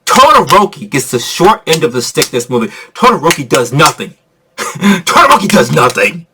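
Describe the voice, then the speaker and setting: Hyped guy ranting about a movie, bright voice, laughing and cussing the whole way. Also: on the high side, normal speed, slight background noise. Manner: excitable, laughs often, swears freely. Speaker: movie reviewer. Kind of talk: casual review rant.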